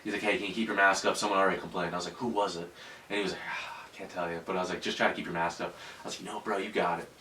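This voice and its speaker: A man's voice: low voice, level tone, racing, pushed and bright, distant mic, slight background noise. A man hosting a casual podcast, telling a story with lots of swearing. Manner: profane storytelling. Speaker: podcast host. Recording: echoey room, off-mic.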